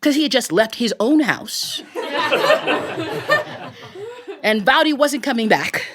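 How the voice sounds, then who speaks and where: A woman storyteller telling a folktale live in a studio, animated and chuckling between lines. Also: fairly high pitch, slow, a loud crowd. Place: recording studio.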